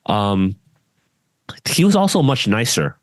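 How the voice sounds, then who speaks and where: A man's voice: on the low side, big pitch swings, slow pace, no echo. A man co-hosting a podcast, chatting casually and bluntly, often trailing off and restarting his sentences. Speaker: podcast co-host.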